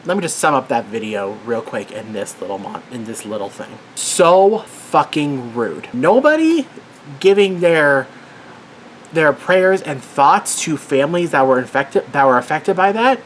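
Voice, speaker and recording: A man's voice: a little high, sing-song, a little slow, a little hiss or hum. A worked-up man giving an angry commentary rant as a vlogger, swearing and exasperated.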